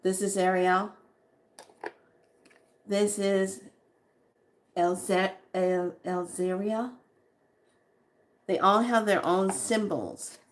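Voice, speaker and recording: Slow-talking woman in a spiritual vlog. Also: mid-range voice, steady tone. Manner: slow, breathy exclamations, bursts of whooping and laughter. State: sweating, overheated. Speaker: spiritual vlogger. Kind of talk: casual spiritual vlog, reading names aloud.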